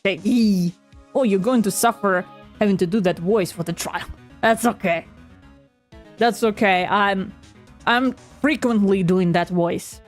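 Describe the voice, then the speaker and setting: A woman's voice: mid-range voice, a little slow, soft background music. A woman streamer chatting playfully and casually during a game stream. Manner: playful, giggly. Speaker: VTuber streamer.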